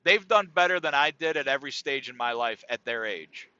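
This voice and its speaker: A man's voice: mid-range voice, lively intonation, brisk, sharp tone, smooth, no room sound. A middle-aged man hosting a podcast, talking in a rambling, laid-back and profane monologue. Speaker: podcast host. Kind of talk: casual comedic monologue. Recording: dull dry lo-fi sound.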